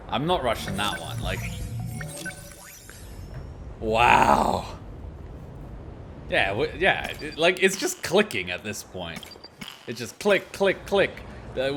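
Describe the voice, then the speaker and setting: A man hosting a casual game reaction video, excitable, swearing freely and laughing often. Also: medium pitch. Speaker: let's play host.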